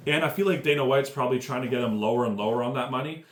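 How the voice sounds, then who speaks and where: A man's voice: medium pitch, very fast, echoey room. A man giving a casual, profane commentary rant, rambling and full of fillers. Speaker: MMA commentary YouTuber.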